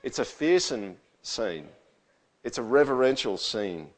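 A man preaching a sermon to a congregation in a conversational style, turning animated as he acts out quotes. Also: medium pitch, measured pace. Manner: conversational, animated when quoting. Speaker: pastor.

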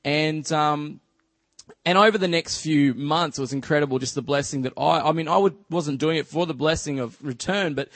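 An Australian man giving a church talk as a relaxed, chatty story, full of fillers like "just" and "you know". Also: a little high, moderate pace, no echo. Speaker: church speaker. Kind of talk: casual storytelling sermon.

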